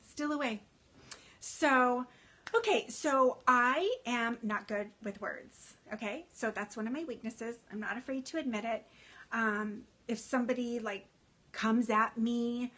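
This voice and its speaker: A woman's voice: a little high, a bit bright, breathy edge. A woman chatting casually on a livestream as a fashion consultant, emotional and full of fillers, greeting viewers by name.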